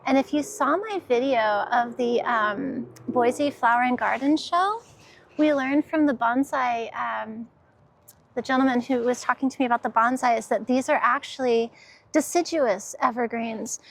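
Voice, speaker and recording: A woman vlogs her walk through an outdoor garden center on a handheld camera, gushing enthusiastically and laughing easily in a casual walk-through. Her voice is on the high side at a normal speed, with slight background noise.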